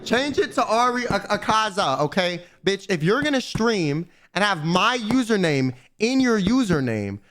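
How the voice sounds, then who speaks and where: A young man streaming, chatting casually and swearing, slangy and animated as he rants to his chat. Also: sits high, moderate pace, hardly any pauses.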